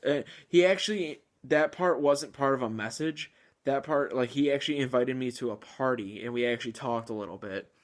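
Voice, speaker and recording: A man's voice: medium pitch, moderate pace. Rambling young-sounding gaming vlogger man. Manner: rambling, chuckling, lots of filler words. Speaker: gaming channel host. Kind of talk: casual video game commentary.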